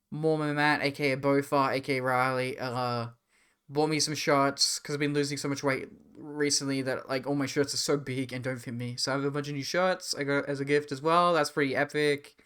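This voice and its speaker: A man's voice: medium pitch, a bit bright, clear, resonant tone. A man, chatting casually and rambling on a live stream while reading chat.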